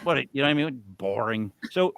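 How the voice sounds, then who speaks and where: A middle-aged man co-hosting a live show, telling a long casual story in a rambling, animated way, swinging between loud bursts and mutters. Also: mid-range voice, quick pace, smooth, dry recording, studio quality. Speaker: co-host.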